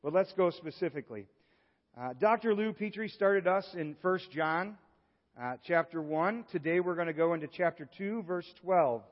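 A male pastor preaching a sermon, moving from hushed, earnest passages to lively exclamations. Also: sits high, normal speed. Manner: animated, swings from hushed to exclaiming. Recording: dull sound with long hall reverb.

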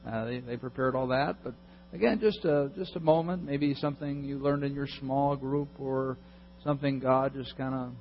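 A man's voice: medium pitch, steady tone, moderate pace, muffled recording, a little hiss or hum. Casual male pastor inviting the congregation. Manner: casual, friendly, joking. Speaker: pastor hosting the service. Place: church service. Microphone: handheld mic.

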